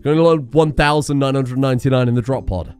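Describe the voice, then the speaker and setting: A man with a medium-pitched voice talks fast while casually commentating his own gameplay for a gaming video. He's excitable, bursting into exclamations and laughter, with faint music playing behind him.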